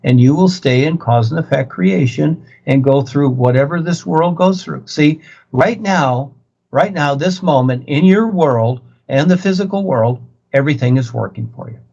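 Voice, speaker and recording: A man's voice: on the high side, moderate pace, gravelly, a little mellow. Brief: man, spiritual teacher type, lecturing over a dull video call, repeats himself, keeps pressing his point. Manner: insistent, repetitive, preachy. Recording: muffled video-call audio.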